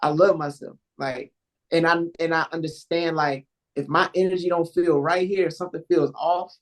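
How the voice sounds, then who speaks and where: A podcast host with a mid-range voice speaks in a direct, informal way. The grammar is loose and casual, and many points end with a quick "right?". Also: mid-range voice, fairly even intonation, poor audio. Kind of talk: casual conversational podcast talk.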